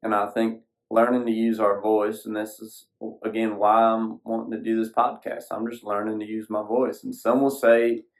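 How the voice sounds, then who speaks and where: Solo podcast host, male, lowish voice, loose folksy ramble, some cussing. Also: little pitch movement, moderate pace, low-quality recording. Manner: folksy, rambling, casual swearing. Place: sitting alone at a screen.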